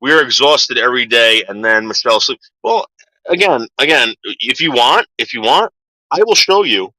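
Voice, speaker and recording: A man's voice: medium pitch, expressive, normal speed, bright, forceful tone, dry recording, low-quality recording. A man ranting on a livestream, swearing heavily and repeating himself as he gets worked up. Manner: profane, agitated, repeats himself. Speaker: livestream host.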